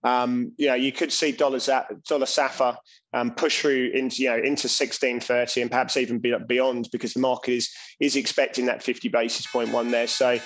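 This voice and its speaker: Brief: mid-pitched male co-host, halting, thinking aloud over charts. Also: little pitch movement, a bit bright, soft background music, rough recording. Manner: hesitant, many ums and restarts. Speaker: co-host of trading show. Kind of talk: casual market chat. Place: home.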